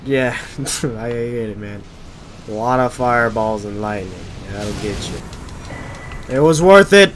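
A man's voice: mid-range voice, animated, slow, pauses often, background noise. A young man giving casual gameplay commentary, joking and exasperated as he talks to himself. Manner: joking, exasperated self-talk. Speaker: gaming video creator. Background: loud game music.

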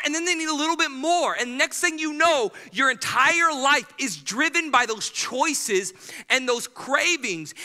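Energetic male preacher, tense and bright tone, echoing church sanctuary sound. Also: very high-pitched. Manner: energetic, preachy, acts out quoted people. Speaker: pastor. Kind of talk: sermon. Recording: hall reverb.

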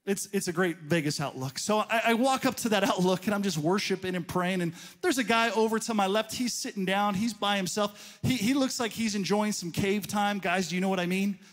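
A man pastor preaching a sermon in a church, telling a personal story in a conversational way, swelling to emphatic peaks and dropping to a hushed aside. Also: high voice, brisk, hardly any pauses. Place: church sanctuary.

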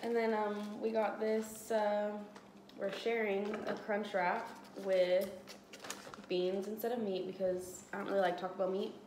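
A woman's voice: medium pitch, level tone, unhurried, darkish tone. A woman chatting casually over food, giggly and easygoing, filling her talk with "like.". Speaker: friend and guest. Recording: echoey room with faint noise.

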